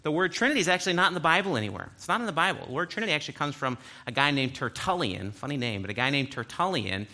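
A man's voice: on the high side, sing-song, racing, few pauses, pushed and bright. A man preaching a sermon, reading scripture aloud and breaking in with explanatory asides. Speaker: pastor.

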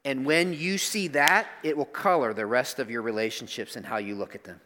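A pastor preaching a sermon in a conversational, emphatic way. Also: male voice, mid-range voice, fairly quick, bright, forceful tone, slight background noise. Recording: long hall reverb.

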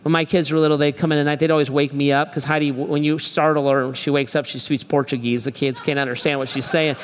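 A middle-aged man preaching in a large church auditorium, the sound carrying a long reverb from the hall. His voice sits on the higher side for a man, and he tells his stories with animation, acting out the people he quotes. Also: little pitch movement, fast, few pauses, clear, resonant tone. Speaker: pastor. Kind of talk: sermon.

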